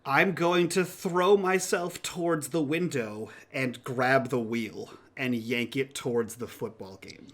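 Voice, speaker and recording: A man playing a tabletop role-playing game, animated and swearing in excitement. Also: medium pitch, slow pace, hardly any pauses. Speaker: player.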